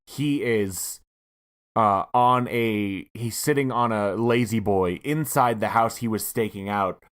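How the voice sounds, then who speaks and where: A man co-hosting a comedy podcast, calmly laying out a story pitch. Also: slow. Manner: laid-back storytelling, plays along. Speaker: podcast co-host.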